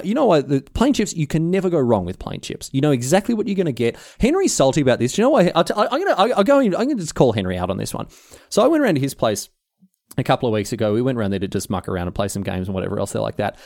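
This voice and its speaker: Fast, lively Australian man rambling. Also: mid-range voice, creaky, no room sound, clean studio sound. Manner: rambling, teasing, self-interrupting. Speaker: podcast host answering listener questions. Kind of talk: casual chat.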